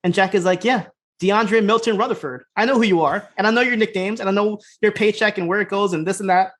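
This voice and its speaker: Guy on a podcast rattling thru a show recap, talks real fast, loose and jokey. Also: sits high, a bit bright. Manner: fast, loose retelling with quick quoted voices and laughs. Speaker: podcast co-host. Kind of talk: casual recap chat.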